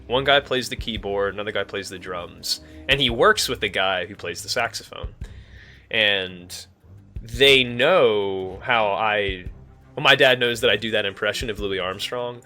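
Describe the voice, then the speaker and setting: A young man chatting casually on a live stream, joking and rambling, sometimes working himself into loud mock rants. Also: fairly low pitch. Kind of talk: casual chat while gaming.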